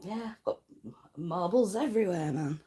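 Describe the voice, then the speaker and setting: Lancashire woman rambling on a livestream, husky low voice, swears a bit. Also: unhurried, mellow. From Lancashire, England. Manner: rambling, chatty, reads viewer comments aloud, swears casually. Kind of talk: casual livestream chat.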